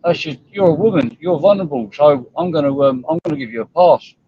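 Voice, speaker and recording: A man's voice: a little high, expressive, fast, a crowd in the background. A man hosting a live stream, ranting bluntly and scornfully at viewers and rivals, with frequent swearing. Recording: dull lo-fi stream audio.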